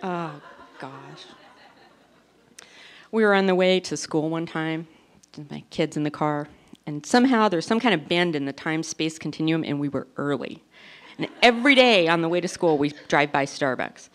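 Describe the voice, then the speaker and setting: A woman in her forties performing a self-deprecating stand-up comedy routine, telling stories with animated delivery. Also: deep voice, normal speed. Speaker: stand-up comic.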